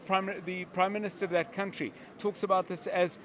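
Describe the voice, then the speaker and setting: A man giving live news commentary as a media analyst, explaining in a measured way with examples. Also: high voice, level tone, a bit bright.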